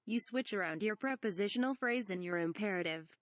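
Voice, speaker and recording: Brief: woman playing a sardonic young knight, teasing, mid pitch, dry. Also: lively intonation, brisk, no room sound, close to an everyday voice. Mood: mocking. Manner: wry, mocking. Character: mocking young male knight.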